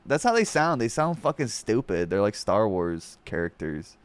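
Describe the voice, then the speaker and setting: A man's voice: lowish voice, very animated, moderate pace. A man streaming casual reaction commentary, mocking and swearing freely, laughing often between remarks.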